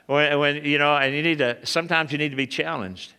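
A man's voice: fairly high pitch, normal speed, gravelly, pushed and bright, clear, resonant tone. A man preaching a sermon, calling out to the congregation and building to a fervent, raised delivery. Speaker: pastor.

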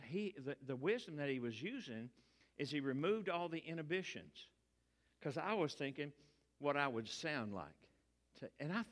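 An older man, giving a folksy testimony sermon from the pulpit. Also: fairly high pitch. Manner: folksy, colloquial storytelling. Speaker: preacher. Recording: long reverb of a large hall.

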